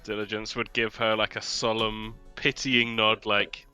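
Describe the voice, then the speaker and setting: A man's voice: on the low side, little pitch movement, a little slow, sharp tone, faint music behind. A man playing a tabletop game, describing his character's actions matter-of-factly with crude humor. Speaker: player. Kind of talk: casual tabletop play.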